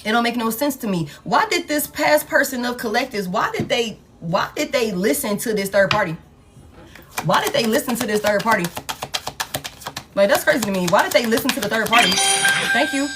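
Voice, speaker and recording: A blunt, exasperated woman does a live collective tarot reading, swearing and repeating phrases for emphasis. Her voice is on the high side and animated, at normal speed, over a noisy background.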